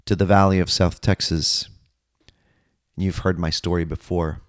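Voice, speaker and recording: A middle-aged man, a pastor and podcast host, earnestly telling his personal testimony with dramatic pauses. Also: low-pitched, little pitch movement, no echo, clean studio sound.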